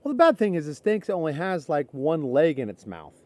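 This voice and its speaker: A man's voice: fairly high pitch, sing-song, fairly quick, a little mellow, dry recording. A man with an Oklahoma accent co-hosting a podcast outdoors beside a trailer, chatting in a laid-back way and calling people "dude" and "bud". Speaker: podcast co-host. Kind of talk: casual outdoor chat.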